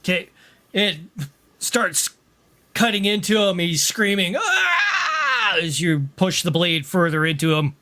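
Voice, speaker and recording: A man running a tabletop game as game master, narrating the action in an unhurried way and adding sound effects. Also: sits high, steady tone, pushed and bright, a little hiss or hum.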